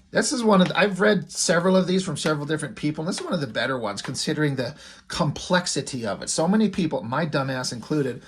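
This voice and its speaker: A man's voice: a little high, slight background noise. A man casually recapping a comic book, loose and rambling, full of asides and fillers. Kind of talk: casual commentary.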